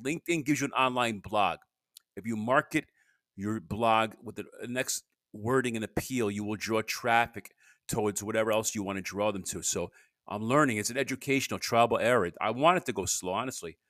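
Man, solo podcast host, low voice, rambling monologue, grumbling asides, dry close sound. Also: brisk, a bit bright, no echo.

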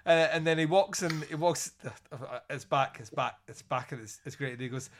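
A man hosting a podcast, reviewing a film in casual chat, animated and swearing often. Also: medium pitch, a little fast, few pauses, a little hiss or hum. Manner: animated, swearing, acts out lines in loud voices. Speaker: podcast host.

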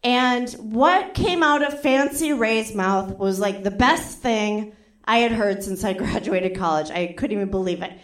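A young woman doing stand-up, telling a story in a chatty, animated way and acting out the other people's lines. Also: mid-range voice, a little slow, echoey room. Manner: animated, acts out quotes with voices, frequent "like". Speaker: stand-up comedian.

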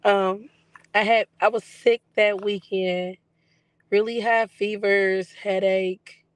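A woman talks through her personal video journal in a loose, chatty way, her voice still coming back after weeks of illness. Her pitch stays fairly even and level, and the recording sounds dry and close. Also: slow, smooth, no echo. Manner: chatty, relaxed storytelling with fillers. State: recovering from lost voice. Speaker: psychic medium vlogger.

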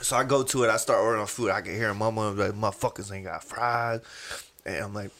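A man, a podcast host telling a profane, animated story in casual chat and acting out the people in it. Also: on the low side, very fast. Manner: animated, profane, acts out quoted voices.

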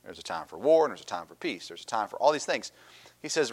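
A man's voice: big pitch swings, fast talker, husky. A middle-aged male pastor giving a sermon in a conversational way, with fillers and restarts, and acting out the complaining people in a raised voice. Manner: acts out Bible voices and the people's complaints with bursts of pitch.

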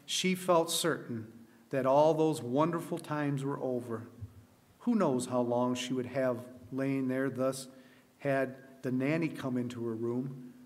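A man reading a moral story aloud with earnest expression at a camp meeting. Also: mid-range voice.

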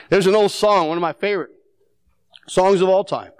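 A male pastor preaching a sermon in a conversational, animated way, asking rhetorical questions and acting out the people he quotes. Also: high voice, fairly quick, clear, resonant tone. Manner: animated, acts out the quoted speakers.

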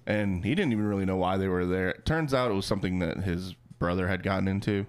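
A man's voice: deep voice, fast, clear, resonant tone. A man telling stories in casual, profane, joking talk as co-host of a radio chat show.

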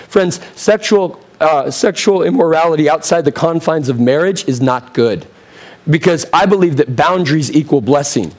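Hoarse-edged preacher man, conversational. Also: a little high, animated, normal speed. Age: 30s. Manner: direct, conversational preaching with rhetorical questions. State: getting hoarse. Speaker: pastor. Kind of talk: sermon.

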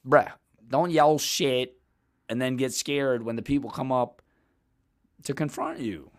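A man's voice: medium pitch, expressive, unhurried, pauses often. A man hosting a podcast, telling stories in a rambling, profane, casual way and laughing often. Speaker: podcast host.

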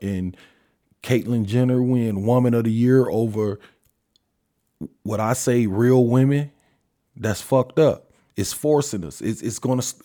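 A man's voice: medium pitch, mellow. A man hosting a podcast, talking alone in a blunt, heavily profane rant full of rhetorical questions. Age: adult father. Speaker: podcast host. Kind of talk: solo opinion monologue.

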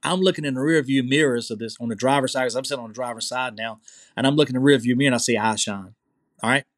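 Excitable Southern man telling a tale. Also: mid-range voice, racing, no room sound. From Louisiana. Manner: excitable storyteller, repeats phrases, checks in with the listener. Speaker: podcast guest. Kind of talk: telling a personal story.

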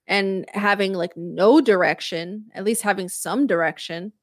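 A woman's voice: mid-range voice, unhurried, no echo, studio quality. A woman co-hosting a casual talk podcast, speaking candidly and emphatically with casual swearing. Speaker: podcast co-host. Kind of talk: casual chat.

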